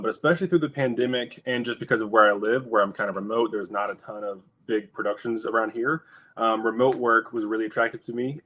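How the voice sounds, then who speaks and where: Brief: young male guest, lower voice, laid-back and hesitant over a call. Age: young adult. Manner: relaxed, many "um"s. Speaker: guest filmmaker and colorist. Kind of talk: casual video-call chat. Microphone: video call.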